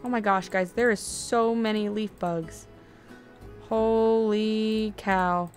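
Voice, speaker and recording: A young adult woman giving casual, chatty gameplay commentary, excitable and quick to get frustrated. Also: medium pitch, faint music behind. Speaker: video game streamer.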